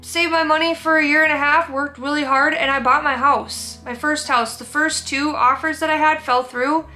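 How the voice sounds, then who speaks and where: A woman's voice: high voice, steady tone, moderate pace, pushed and bright. A young woman telling a candid, emotional personal story in a sit-down vlog, rambling and restarting, close to tears. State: teary, emotional. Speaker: vlogger.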